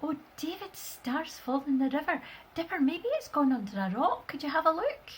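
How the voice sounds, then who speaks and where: Woman doing a commanding crow, firm and loud. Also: high voice, big pitch swings, normal speed, a little hiss or hum, pitched above the performer's own voice. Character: helpful bossy male crow.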